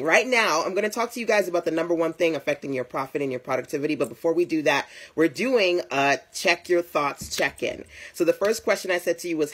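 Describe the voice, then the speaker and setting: Woman business coach on a live stream, slightly husky, casual and talks straight to her viewers. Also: fairly low pitch. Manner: chatty, greets viewers and addresses them directly. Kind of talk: live-stream motivational talk.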